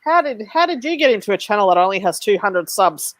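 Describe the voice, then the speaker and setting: A woman co-hosting a podcast in casual chat, agreeable and quick to laugh, with sweary asides. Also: medium pitch, big pitch swings, no room sound. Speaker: podcast co-host.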